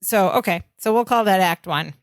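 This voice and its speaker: A woman's voice: medium pitch, moderate pace, no room sound, studio quality. A woman co-hosting a sitcom rewatch podcast, talking through scenes in an analytical, chatty way. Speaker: podcast co-host. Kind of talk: casual podcast recap chat.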